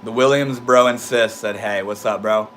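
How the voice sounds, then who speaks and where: A man's voice: lowish voice, fairly even intonation, normal speed, fairly bright tone, a little hiss or hum. Laid-back young man with a slight lisp. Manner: laid-back, swears freely, talks straight to chat. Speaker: livestream host reading chat. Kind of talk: casual livestream chat.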